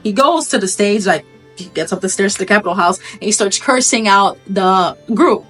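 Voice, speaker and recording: A woman's voice: mid-range voice, normal speed, a bit bright, breathy edge, faint music behind. A woman casually retelling a story, chatty, with many asides.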